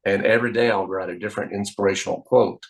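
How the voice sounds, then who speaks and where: A man being interviewed as a magician, telling anecdotes in an animated, storytelling way. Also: on the low side, very fast, low-quality recording. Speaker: magician guest.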